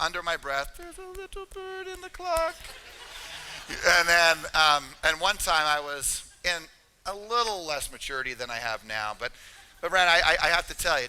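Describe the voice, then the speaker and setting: Bright-voiced man speaking in a hall. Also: fairly high pitch, a little hiss or hum. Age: middle-aged. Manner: energetic, emphatic, addresses audience directly. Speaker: motivational speaker at a real estate seminar. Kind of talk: live motivational talk. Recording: reverberant hall.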